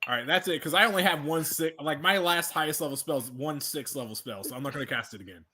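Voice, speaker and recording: Bright-voiced man playing a tabletop game. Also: a little high, quick pace. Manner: chatty, thinks aloud, joking. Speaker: player.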